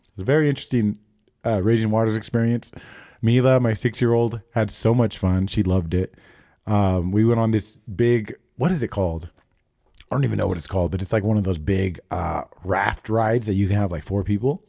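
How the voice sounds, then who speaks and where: A man's voice: on the low side, a little fast, gravelly, warm tone. A man in his thirties hosting a podcast, telling stories in loose, profane casual chat and laughing often. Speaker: podcast host.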